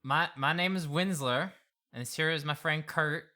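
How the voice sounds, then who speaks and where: A man playing a tabletop game, answering the game master in slow, hesitant replies. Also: on the high side, bright, forceful tone. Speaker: player.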